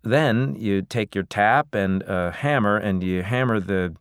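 A man's voice: fairly low pitch, measured pace, clean tone, dry recording, clean studio sound. A man voicing a practical maple-tapping specialist who explains things step by step. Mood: instructive. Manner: matter-of-fact explaining.

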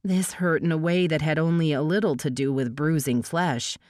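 A woman narrating an audiobook in a measured, steady reading voice. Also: low voice, dry recording, clean studio sound.

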